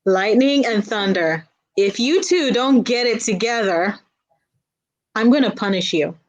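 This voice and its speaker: A fed-up village king from a told folktale, as a woman storyteller puts him on. He scolds in a casual, exasperated way. He speaks slowly, a little high. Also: animated, muffled recording. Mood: scolding.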